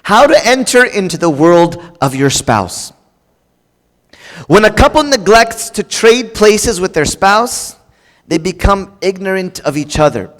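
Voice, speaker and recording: High-voiced preacher in an echoing hall. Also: male voice, measured pace. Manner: animated, acts out quoted spouses in a raised voice. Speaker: pastor. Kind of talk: sermon. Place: church. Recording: long reverb of a church hall.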